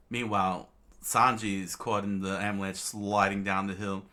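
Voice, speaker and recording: A man casually reading a comic aloud, halting with many fillers and restarts and chuckling now and then. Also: fairly low pitch, level tone, pushed and bright. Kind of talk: casual read-aloud narration.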